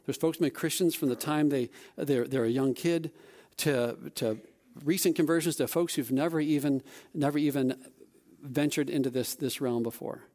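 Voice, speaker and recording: A man preaching a sermon, telling a personal story with lively, rising excitement and softer, lower passages. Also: normal speed. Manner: softens and lowers when speaking of grace.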